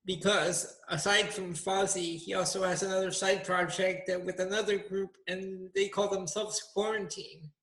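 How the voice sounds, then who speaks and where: A man's voice: high-pitched, level tone, normal speed, hardly any pauses, a bit bright. A man co-hosting a podcast, making brief, hesitant remarks in casual chat. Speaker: podcast co-host. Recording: echoey room.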